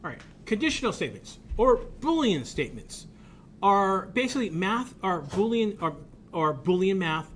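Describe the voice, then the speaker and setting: A man's voice: sits high, sing-song, normal speed, a bit bright, a little hiss or hum. A man teaching a college game development class, explaining in an informal way, thinking aloud and often repeating himself as he works through each point. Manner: blunt about tools he dislikes. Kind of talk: recorded classroom lecture.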